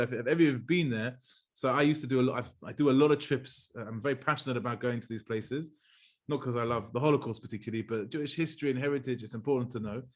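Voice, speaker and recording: A middle-aged man, a rabbi, teaching a Torah class in an animated storytelling manner. He mixes Hebrew terms into his English and laughs at his own anecdotes. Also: mid-range voice.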